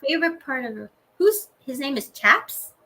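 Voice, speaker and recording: Bright-voiced, giggly young woman. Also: high-pitched, very animated, normal speed. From United States. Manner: bubbly, laughs often, many fillers and restarts. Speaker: guest, actress and writer. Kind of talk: casual interview chat.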